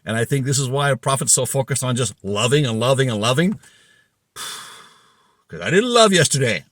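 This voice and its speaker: A man's voice: mid-range voice, animated, a little fast, a bit bright, dry recording. A man hosting a podcast, telling a story in an agitated, casual monologue and acting out the dialogue. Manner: agitated storytelling, reenacts dialogue, voice rising and falling sharply. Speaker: podcast host.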